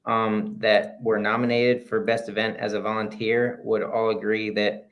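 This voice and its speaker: A man's voice: on the low side, little pitch movement, normal speed, muffled recording. A man co-hosting a running podcast in casual chat, often restarting his sentences, at times reading out prepared text. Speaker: podcast co-host.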